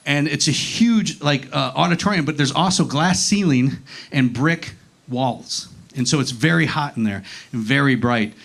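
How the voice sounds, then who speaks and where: A male stand-up comedian telling a story on a club stage, animated and acting out the other people, with frequent swearing. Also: medium pitch, moderate pace, creaky. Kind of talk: stand-up set.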